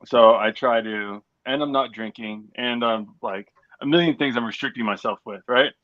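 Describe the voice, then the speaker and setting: A man's voice: medium pitch, normal speed, a bit bright. A man co-hosting a casual chat, talking in a chatty, self-mocking way with lots of fillers. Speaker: podcast co-host. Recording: dry, dull lo-fi audio.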